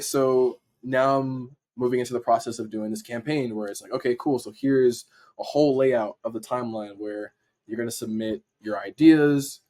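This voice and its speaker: Young guy on a podcast, super animated storyteller, does the voices of everyone in the story, swears a bit. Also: mid-range voice. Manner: animated, acts out what people said, swears casually. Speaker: podcast guest, dancer and editor. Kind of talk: casual storytelling.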